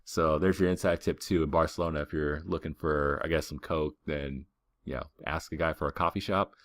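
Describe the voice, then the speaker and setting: A man's voice: a bass voice, steady tone, fairly quick, dry recording, studio quality. A young man hosting a podcast, casually telling a rambling travel story with many fillers. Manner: rambling, filler-heavy, laid-back. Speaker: podcast host.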